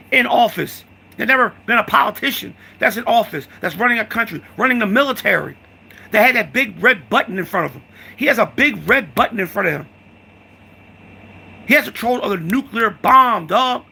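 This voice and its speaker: A man vents in a heated, profane rant, repeating his points and calling the listener "dog". His voice sits high and sounds husky. The tone is sharp and very bright. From United States. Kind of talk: angry political rant.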